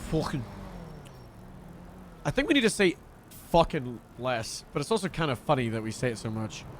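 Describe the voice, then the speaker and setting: A man's voice: medium pitch, very animated, fairly quick, a little hiss or hum. A man streaming a game, chatting casually, laughing at himself and swearing freely.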